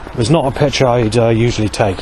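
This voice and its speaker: A man's voice: mid-range voice, fast talker, darkish tone, low-quality recording. A man in his forties talking outdoors beside a road, in an agitated, aggrieved monologue that keeps circling back and restarting. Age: 40s. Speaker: vlogger. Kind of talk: rambling outdoor monologue to camera. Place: outdoors by a road under a bridge. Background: passing traffic.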